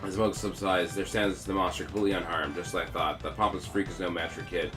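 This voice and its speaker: A man's voice: low-pitched, fairly even intonation, fast. A man streaming himself as he reads a video game's story text aloud, with dramatic emphasis. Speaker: let's-play streamer. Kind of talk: reading game text aloud. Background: faint game music.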